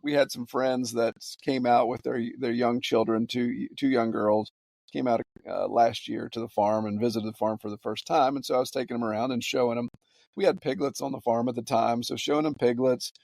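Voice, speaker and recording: A man, a farmer guest on a podcast, telling stories in a halting way with many repeated words. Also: medium pitch, steady tone, gravelly, a little mellow, no room sound, clean studio sound. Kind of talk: casual podcast interview.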